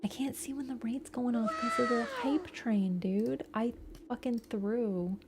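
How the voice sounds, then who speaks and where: A woman's voice: fairly high pitch, expressive, measured pace, noisy background. A young woman game streamer wrapping up her livestream in a rambling, chatty way, with casual swearing. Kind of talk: casual livestream sign-off chat.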